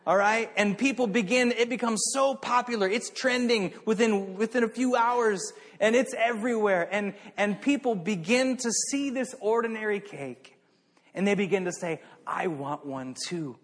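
A man preaching a sermon, telling a story in an animated way that swings between hushed and excited. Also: sits high, normal speed, big-room sound.

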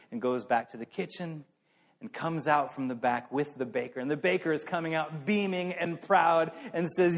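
A man preaching a sermon, telling a story in an animated way that swings between hushed and excited. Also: a little high, brisk, in a large hall.

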